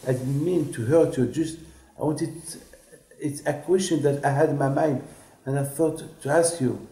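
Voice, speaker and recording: A man's voice: a little high, moderate pace, warm tone, voice pushed up, close to an everyday voice. A man voicing a frightened male shoemaker who begs an emperor for mercy. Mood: pleading. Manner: begging, apologetic. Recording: echoey room.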